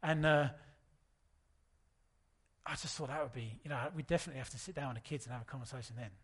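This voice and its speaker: A man, preaching a sermon in a relaxed, storytelling way. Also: mid-range voice, quick pace, slightly rough. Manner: conversational, anecdotal preaching. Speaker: pastor.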